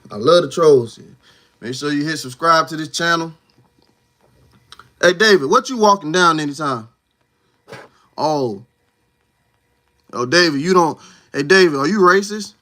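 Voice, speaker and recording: This livestream host's talk is slangy and filler-heavy, peppered with "you know what I'm saying," as he needles a viewer with teasing, confrontational questions. His voice sits on the high side, sharp, at a measured pace with frequent pauses.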